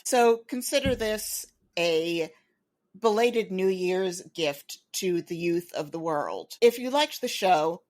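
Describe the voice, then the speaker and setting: A woman co-hosting a film podcast, giving dry reactions and reading the show's sign-off. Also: fairly low pitch. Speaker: podcast co-host. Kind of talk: casual chat and scripted outro.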